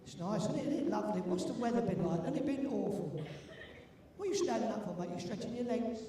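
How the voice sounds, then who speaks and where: A man's voice: high-pitched, animated, quick pace, dark tone. An older man from London with a London accent, compèring an event and bantering cheekily with the crowd in a teasing, chatty way. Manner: jokey, teasing, chatty with the audience. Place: large indoor sports arena. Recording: echoey hall from far off, with room noise.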